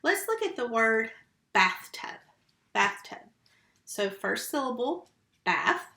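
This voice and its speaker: A woman who teaches first grade, giving a slow, patient remote phonics lesson and sounding out syllables and letters. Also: a little high, sing-song, vocal fry, pushed and bright, echoey room.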